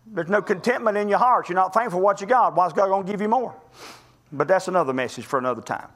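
Impassioned high-voiced male preacher. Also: fast, fairly bright tone. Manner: impassioned, folksy storytelling with sudden rises and drops. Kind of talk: sermon.

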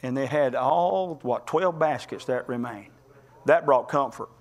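A male preacher delivering a sermon, telling stories in a folksy, impassioned way that swings between loud climbs and quiet drops. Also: medium pitch, unhurried. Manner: impassioned, folksy storytelling with sudden rises and drops.

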